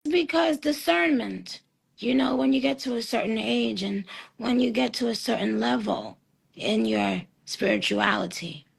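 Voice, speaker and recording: A woman hosting a casual live stream chat, speaking slowly and deliberately in a sarcastic, teasing way. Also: a little high, creaky, breathy edge. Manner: slow, deliberate, drawn-out speech.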